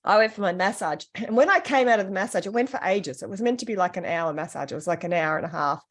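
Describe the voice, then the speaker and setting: A woman in her fifties tells a personal story on a podcast in a loose, chatty way. Her voice sits at an ordinary middle pitch. She talks in an animated way and acts out the voices of the people in her stories. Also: fast talker. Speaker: podcast co-host. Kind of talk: casual storytelling chat.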